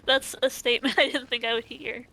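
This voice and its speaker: Gravelly-voiced woman chatting over a game. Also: on the high side, steady tone, a little fast, sharp tone. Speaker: co-player friend. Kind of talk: casual chat while gaming.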